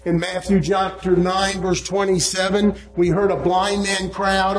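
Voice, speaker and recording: Slow, high-voiced male preacher. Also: level tone, rough recording. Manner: slow, emphatic preaching, quoting scripture references. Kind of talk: sermon.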